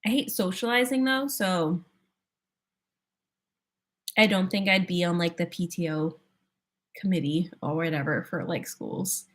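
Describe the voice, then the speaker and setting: A woman's voice: fairly low pitch, measured pace, pauses often. A young woman hosting a casual livestream, chatting with viewers, laughing often and thinking aloud with plenty of "like"s. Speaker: livestream host. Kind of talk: casual chat answering viewers.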